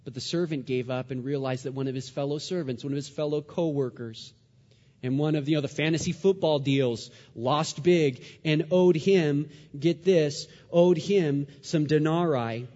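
Man preaching with dramatic loud-soft swings. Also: on the high side, normal speed, in a large hall, lo-fi sound. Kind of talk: sermon.

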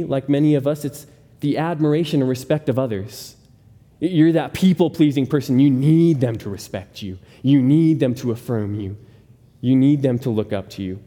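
A man's voice: medium pitch, dark tone. A man preaching a sermon as a pastor, speaking earnestly and often repeating words as he starts a thought. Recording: long hall reverb.

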